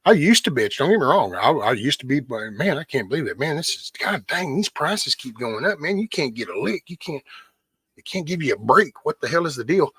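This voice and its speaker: A man's voice: a little high, sing-song, brisk, pushed and bright, breathy edge, no room sound. A man hosting a casual livestream, ranting bluntly with lots of swearing and answering viewers' chat by name. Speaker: livestream host.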